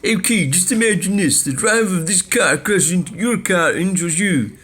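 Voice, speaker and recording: A man's voice: high voice, lively intonation, normal speed, fairly bright tone, husky, pitched above the performer's own voice, exaggerated voice. A man voicing a smug, lecturing male online commenter with a put-on Scottish accent. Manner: lecturing, condescending.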